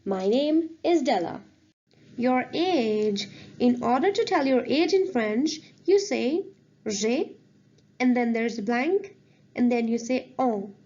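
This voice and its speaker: A woman teaching beginner French in a scripted lesson, sounding out each French word slowly and carefully. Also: a little high, dark tone, highs cut off. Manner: slow, careful pronunciation of French words.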